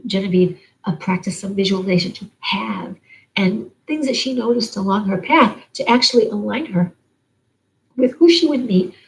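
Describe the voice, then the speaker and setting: An older woman reading oracle cards, talking in a meandering, earnest way and sometimes dropping into a soft whisper. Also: mid-range voice, normal speed, gravelly, poor audio. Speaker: oracle card reader. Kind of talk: spiritual monologue.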